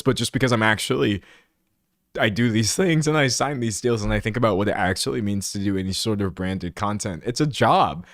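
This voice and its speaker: A young man talks to his live chat in a loose, rambling way, breaking into laughter and side comments. His voice sits on the low side. The sound is dry and close, with no room echo. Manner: animated, laughs often, rambling asides. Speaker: streamer host. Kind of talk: casual live-stream commentary. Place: room indoors, siren outside at times.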